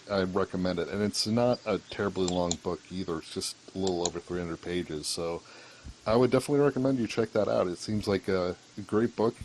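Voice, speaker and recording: A man's voice: low voice, slight background noise, low-quality recording. A man co-hosting a podcast, casually reviewing a book, rambling with many restarts and fillers. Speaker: podcast co-host.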